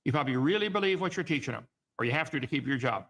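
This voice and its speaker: A man's voice: mid-range voice, animated, rapid-fire, fairly bright tone. A man hosting a call-in show, lecturing in an emphatic, mocking way. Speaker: host. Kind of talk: argumentative call-in commentary.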